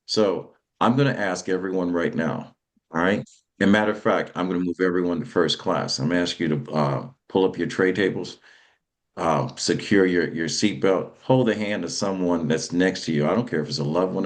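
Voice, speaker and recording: A man's voice: deep voice, moderate pace. A man hosting a motivational talk show, speaking in a preacherly way and often checking in with "all right?". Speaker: host.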